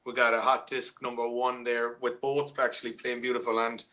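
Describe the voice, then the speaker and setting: A man's voice: medium pitch, little pitch movement, normal speed, bright, forceful tone. A man with an Irish accent, a musician talking loosely in an interview over a video call, full of restarts and fillers. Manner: rambling, with many restarts and fillers. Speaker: musician guest. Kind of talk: casual interview chat.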